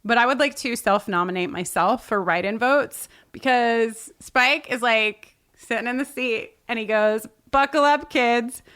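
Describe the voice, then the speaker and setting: A woman co-hosting a podcast in casual chat, animated and full of fillers and laughs, recorded over a video call. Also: a little high, measured pace, few pauses, smooth. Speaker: podcast co-host.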